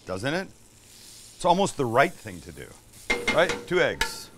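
A man's voice: mid-range voice, sing-song, a little slow, long pauses, very noisy. Chatty man cooking at the stove. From Canada. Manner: chatty and enthusiastic, swears casually. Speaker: cooking show host. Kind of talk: casual cooking demonstration. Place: home kitchen, cooking at the stove.

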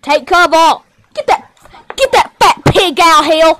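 A woman improvising a rowdy play-acted scene in many voices, shouting out and hurling insults. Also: very high-pitched, a little slow, noisy background.

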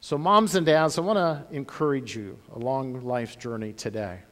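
A man pastor telling a Bible story to children in a church, animated, with big swings in loudness. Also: medium pitch, normal speed. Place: church sanctuary. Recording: long church-hall reverb.

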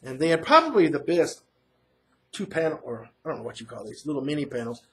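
A man's voice: fairly high pitch, sing-song, fairly quick, a bit bright. Rambling man recapping a comic. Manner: rambling, filler-heavy retelling. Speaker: comic book reviewer. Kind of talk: casual first-reaction recap.

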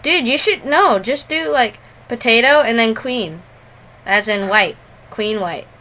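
High, bright-voiced girl gaming host. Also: animated, measured pace. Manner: giggly, playful banter. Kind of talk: casual chat while playing a game.

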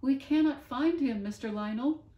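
A woman's voice: high voice, moderate pace, dull audio, voice pushed up, lightly acted. A woman voicing a tearful, melodramatic man who speaks in old-fashioned English and wails his lines. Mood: grief-stricken. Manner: wailing, archaic phrasing. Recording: roomy, distant mic.

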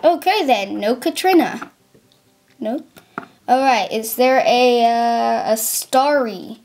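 A woman's voice: fairly high pitch, slow, a little mellow. A woman voicing a careless, mocking male substitute teacher in a toy skit. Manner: dismissive, flippant, mocking.

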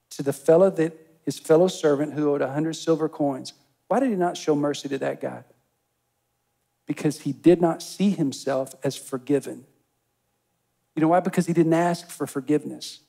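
A man's voice: a little high, moderate pace, creaky, warm tone. A pastor preaching a sermon, reading a parable and speaking straight to his congregation with rising emphatic bursts. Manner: addresses the congregation directly.

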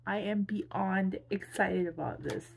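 A tired woman chatting casually while unboxing gifts, gushing with excitable squeals over cute things. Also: medium pitch, slow pace, vocal fry. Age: adult with a son. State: tired, drained. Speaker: vlogger.

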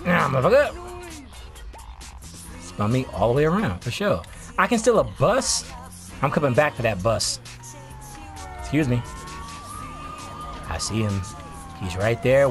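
Excitable, profane young gaming streamer man. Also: mid-range voice, measured pace, long pauses, soft background music. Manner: excitable, profane, yelping outbursts. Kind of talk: casual gameplay commentary.

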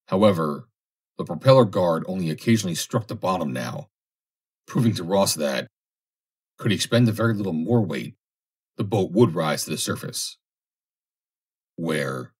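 A man narrating a classic adventure story as an audiobook reader, with steady, measured storytelling. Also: low voice, husky.

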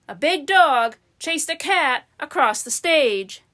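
A woman reading a children's storybook aloud in a plain, unhurried manner. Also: high-pitched, expressive, sharp tone. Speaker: storybook reader.

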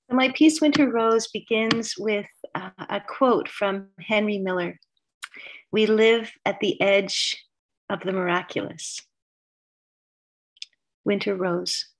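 A middle-aged woman, a writer, reading her personal story aloud in a measured, thoughtful way. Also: medium pitch, rough recording.

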